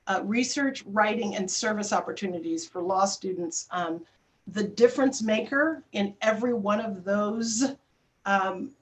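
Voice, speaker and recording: A middle-aged woman telling a personal story in a panel talk, with frequent fillers and restarts. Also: mid-range voice.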